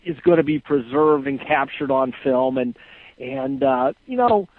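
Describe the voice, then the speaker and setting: A man's voice: medium pitch, lively intonation, measured pace. Hesitant man on a tinny phone line. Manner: hesitant, many fillers and restarts. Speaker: guest calling in. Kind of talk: casual interview answers.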